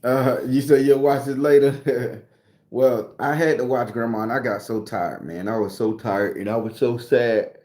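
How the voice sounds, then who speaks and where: A southern Florida man in his 40s hosts a livestream, his medium-pitched voice fairly even in intonation and moderate in pace. He spins casual, profane stories, greets viewers loudly, and uses profane slang in an echoey space.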